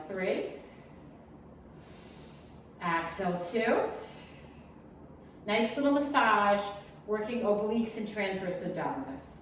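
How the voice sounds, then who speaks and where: A woman leads a Pilates class, calling out inhales and exhales and counting reps. She keeps it chatty and encouraging, with small asides. Her voice rings in a very echoey room, picked up from a distance with faint noise behind. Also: mid-range voice. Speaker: Pilates instructor. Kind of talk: guided exercise class cueing.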